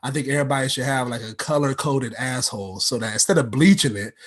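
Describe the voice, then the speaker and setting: A young man works through a stand-up set in a loose, rambling way. His talk is full of slang and side comments, and his voice sits at an everyday pitch. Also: quick pace. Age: young adult. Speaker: stand-up comedian.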